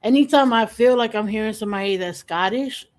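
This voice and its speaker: A woman's voice: fairly high pitch, a little fast. A woman streamer in casual chat, laughing often and swearing casually as she reacts with a co-host.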